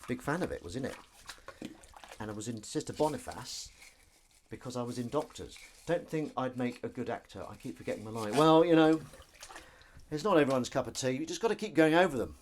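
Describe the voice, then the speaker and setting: A man's voice: mid-range voice, sing-song, quick pace, a little hiss or hum. A middle-aged man, chatting casually on a live stream while washing up, reading comments aloud and laughing along. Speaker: live stream host and actor.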